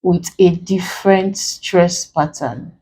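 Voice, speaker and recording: A woman's voice: on the low side, slow, mellow, a little hiss or hum. A woman teaching an exam lesson, explaining rules patiently step by step. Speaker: English exam tutor. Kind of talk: recorded classroom lesson.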